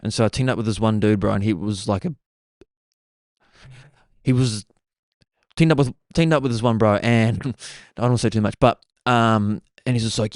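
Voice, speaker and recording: Excitable young Kiwi man, low voice. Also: fairly quick, no room sound, clean studio sound. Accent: New Zealand. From New Zealand. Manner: excitable, says "bro" constantly. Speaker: podcast host. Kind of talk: casual storytelling chat.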